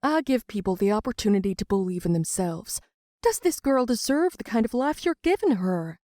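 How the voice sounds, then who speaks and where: A woman voicing a calm, persuasive older grandmother in an animated storybook. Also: fairly high pitch, no echo, studio quality, voice pushed up. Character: older grandmother, calm, coaxing beauty-salon owner.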